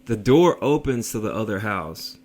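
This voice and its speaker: A man telling a story in a casual vlog, in a slangy, profane, animated way. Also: on the low side, normal speed.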